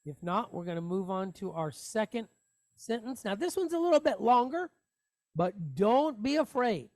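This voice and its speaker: A man's voice: sits high, sing-song, normal speed, a little mellow, dry recording. A man teaching a Hebrew reading lesson online, patiently spelling out letters and vowels with jokey asides. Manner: patient, explains step by step with asides.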